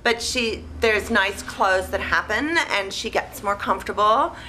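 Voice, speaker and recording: A woman retelling a movie plot in a rambling, deadpan, naive way, with lots of "like" and "you know". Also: mid-range voice, measured pace, slight background noise, poor audio. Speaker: movie recapper.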